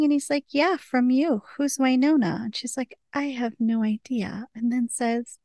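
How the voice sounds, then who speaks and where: Brief: woman co-host, vocal fry, dry close sound, chatty scene-by-scene recap. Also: a little high, unhurried, no room sound. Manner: retells scenes quoting characters, chatty. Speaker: podcast co-host. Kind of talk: casual episode recap.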